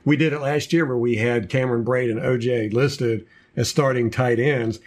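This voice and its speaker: A man's voice: medium pitch, steady tone, normal speed. A man co-hosting a casual sports podcast, running through a team depth chart with jokey asides. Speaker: podcast co-host.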